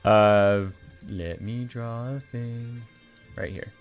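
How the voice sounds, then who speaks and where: Man game master, casual and hesitant, mid pitch. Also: steady tone, drawn-out words, soft background music. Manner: casual, hesitant, many fillers. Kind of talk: narrating a tabletop game.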